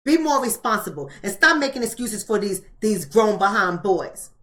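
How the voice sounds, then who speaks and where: A woman's voice: medium pitch, very animated, moderate pace, fairly bright tone. A woman hosting a live-streamed book club, talking bluntly and emphatically and repeating rhetorical questions.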